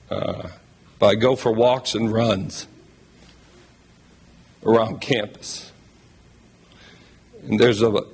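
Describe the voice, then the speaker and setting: A man's voice: lowish voice, husky. A man speaking as a new head basketball coach at a press conference, heartfelt, emotional and thankful.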